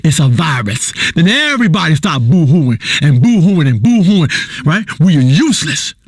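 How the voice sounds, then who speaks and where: An actor playing an erratic, preachy self-styled spiritual doctor hosting a game's talk radio show, rambling, humming and suddenly shouting. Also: male voice, on the high side, big pitch swings, moderate pace, breathy edge, dry recording, clean studio sound, full character voice. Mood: sentimental. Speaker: radio health show host. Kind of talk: comedic talk radio acting.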